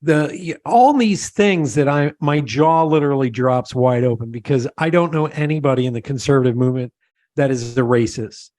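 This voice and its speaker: A man's voice: mid-range voice, normal speed, a little mellow, dry recording. A man hosting an interview podcast, talking casually and repeating words as he searches for them. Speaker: podcast host.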